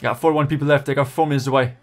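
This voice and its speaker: A young gaming channel host, excitable and racing along in a mid-range voice, gives live, unscripted commentary on his game. He pleads with opponents, groans at each setback and cheers his riders forward.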